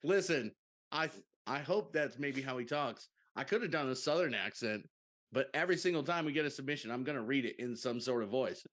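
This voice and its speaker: A man's voice: medium pitch, a little fast, fairly bright tone. A man co-hosting a podcast in casual, profane, joking banter with friends. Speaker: podcast co-host. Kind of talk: casual chat.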